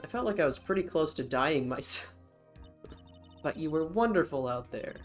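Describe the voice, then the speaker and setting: A man's voice: on the high side, expressive, moderate pace, faint music behind, natural voice. A man reading aloud the lines of a cheerful young female spirit-medium sidekick from a game. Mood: relieved.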